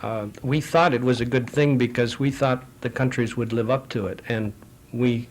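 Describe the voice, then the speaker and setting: Man, middle-aged, forum speaker, measured, anecdotal, restarts often, mid pitch. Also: steady tone. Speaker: speaker at a foreign affairs forum. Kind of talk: public talk answering audience questions.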